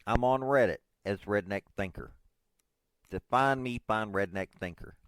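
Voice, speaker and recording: A man's voice: lowish voice, moderate pace, a bit bright, clear, resonant tone, no room sound. A man in his forties, hosting his own podcast, rambles casually and self-deprecatingly, with lots of hesitant fillers. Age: 40s. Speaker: podcast host.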